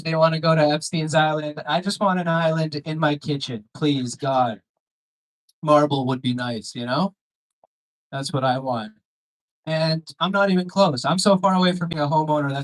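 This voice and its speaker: A man's voice: on the high side, rough recording. A young man doing a crude, rambling stand-up set with crowd work on a comedy club stage, on a handheld mic.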